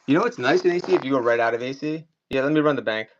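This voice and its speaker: A man with a slight Maryland accent chats loosely as he sells items on a live stream, full of casual fillers. His voice sits at an ordinary middle pitch. The audio is a little dull and lo-fi, with faint clicking behind him. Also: very fast, a little hiss or hum. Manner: rambling, chatty, many "like" fillers. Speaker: online auction seller. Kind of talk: casual live-selling chat.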